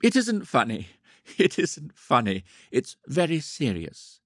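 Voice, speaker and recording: A man's voice: medium pitch, expressive, normal speed, fairly bright tone, dry recording, clean studio sound, voice pushed up. A man voicing a flustered woman trying to stifle laughter, sounding half-laughing and mock-serious in a read story. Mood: amused.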